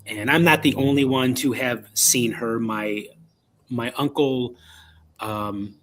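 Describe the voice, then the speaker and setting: A man's voice: medium pitch, slow pace, a bit bright, a little hiss or hum. A man with a Chicago accent, a podcast guest telling a personal ghost story, with lots of fillers and restarts. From Illinois, United States. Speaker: podcast guest, paranormal investigator.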